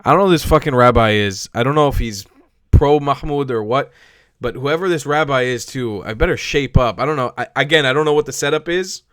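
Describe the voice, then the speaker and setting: A man's voice: medium pitch, fairly quick, a bit bright, smooth, dry recording, studio quality. A man hosting a reaction video, angry and swearing as he rants at a clip. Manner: swearing, angry, repeats himself. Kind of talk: heated reaction commentary.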